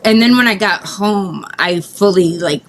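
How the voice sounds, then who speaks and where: A woman guest speaking candidly in an interview, telling a personal story in a halting, emotional way with frequent restarts. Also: mid-range voice, slight background noise, rough recording.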